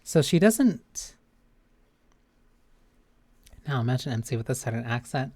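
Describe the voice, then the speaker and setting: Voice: mid-range voice, very animated, brisk, a little mellow. Chatty streamer reading a game aloud. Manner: chatty, reads game text aloud with many fillers. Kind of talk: live game stream commentary.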